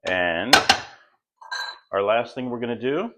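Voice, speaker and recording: A middle-aged man hosting a home cooking demonstration, walking through each step in a relaxed, chatty way. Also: medium pitch, takes it slowly, muffled recording, very noisy. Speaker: home cook host.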